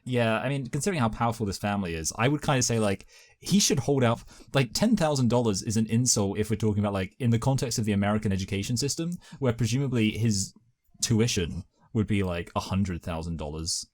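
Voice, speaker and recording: A man's voice: on the low side, expressive, quick pace, a little mellow. A man in a casual movie review chat, reading plot notes aloud and adding short wry asides.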